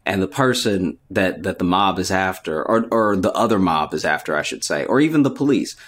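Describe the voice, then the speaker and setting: A man's voice: deep voice, animated, a bit bright. A man co-hosting a casual comedic podcast, telling stories at an easygoing pace and often answering with "mm-hmm". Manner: easygoing, drawn-out storytelling with frequent affirmations. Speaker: podcast co-host.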